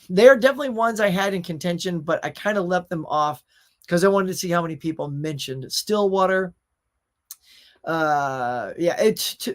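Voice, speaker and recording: A man's voice: high-pitched, a bit bright. A middle-aged man hosting a casual pop culture show, chatting and reading viewer comments in a rambling way with fillers.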